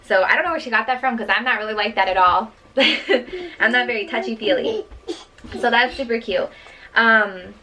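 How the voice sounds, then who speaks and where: A woman's voice: fairly high pitch, expressive, moderate pace, pushed and bright, recorded from a distance, rough recording. A young woman chatting casually about her toddler as a mom vlogger, with lots of fillers. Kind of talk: casual chat.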